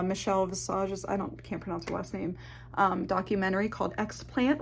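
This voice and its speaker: A young woman telling a personal story to camera, candid and halting, swearing often and holding back tears. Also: medium pitch, darkish tone. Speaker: ASMR channel host. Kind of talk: emotional personal confession to camera.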